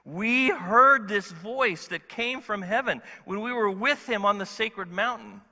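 High, sharp-voiced male pastor preaching. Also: measured pace, long reverb tail. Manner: animated, conversational, asks the congregation questions. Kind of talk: sermon. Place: church sanctuary.

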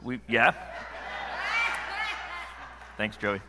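A man preaching a sermon to a congregation in a conversational, animated way, joking with the room. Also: on the low side, extremely slow, heavy background noise. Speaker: pastor. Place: church sanctuary. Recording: long hall reverb.

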